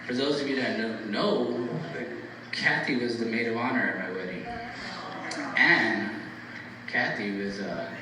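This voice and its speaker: A man's voice: mid-range voice, measured pace, a crowd in the background. A middle-aged man, a bus operator, giving a farewell speech full of funny stories and frequent laughter, recorded from a distance. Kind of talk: eulogy anecdote speech. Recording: echoey room recorded from afar, loud ambient noise.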